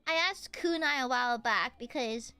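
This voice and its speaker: A woman's voice: sits high, normal speed, bright, forceful tone, clear, resonant tone, no echo, soft background music. A young woman with a Southern US accent, chatting playfully and laughing as she streams a game. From American South. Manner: playful, laughing, teasing chat. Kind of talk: casual game stream chat.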